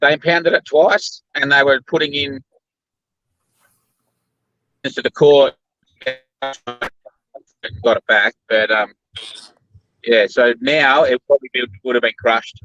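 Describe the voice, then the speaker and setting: An Australian man chatting easily as a guest and explaining things calmly. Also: medium pitch, slow, long pauses, no room sound, dull audio, soft background music. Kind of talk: casual chat.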